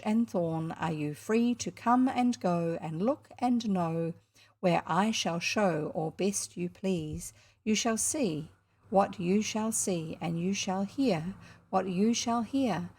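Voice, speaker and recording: A woman reading aloud and voicing Puck, a mischievous ancient male hill sprite, with a lively, breathy, teasing manner. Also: mid-range voice. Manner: lively, teasing, sing-song when chanting. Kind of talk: storybook reading.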